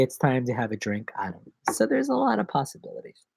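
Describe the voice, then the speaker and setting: A man's voice: mid-range voice, wildly swooping pitch, fast, creaky, a little mellow, breathy edge, dry recording. A man chatting casually on a live stream, rambling from one joke and bit of wordplay to the next.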